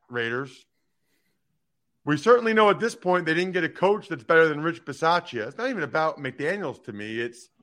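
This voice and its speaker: A man hosting a sports talk show, giving emphatic, animated opinions on football news and teasing his co-host. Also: on the high side.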